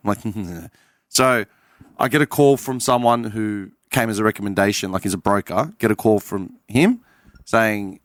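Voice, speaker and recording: A man's voice: fairly low pitch, moderate pace, no echo, clean studio sound. A man with an Australian accent telling a casual story on a podcast panel, acting out the other people's lines as he goes. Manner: animated storyteller acting out quoted dialogue.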